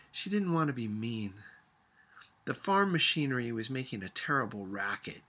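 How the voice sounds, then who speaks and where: A man reading a novel aloud for a class, in a measured storytelling manner. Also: husky. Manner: measured storytelling, lively swings in pitch. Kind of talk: audiobook-style reading aloud.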